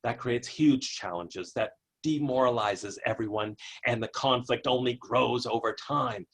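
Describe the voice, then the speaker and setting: A man giving a motivational keynote webcast, energetic and storytelling with playful asides. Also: medium pitch, a little slow. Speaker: keynote speaker.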